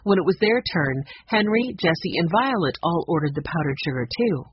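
An audiobook narrator reading a children's storybook aloud at a steady, even pace. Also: medium pitch, normal speed, slight background noise. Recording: dull lo-fi recording.

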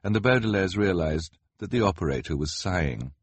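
A man narrating an audiobook in a measured, expressive storytelling manner. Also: deep voice, husky, dry recording.

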